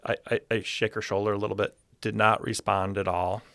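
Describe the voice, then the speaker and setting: A man, an optometrist, telling clinic stories on a podcast with animated, excitable energy. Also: lowish voice, fairly quick, no room sound, clean studio sound. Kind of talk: podcast storytelling. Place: podcast recording room.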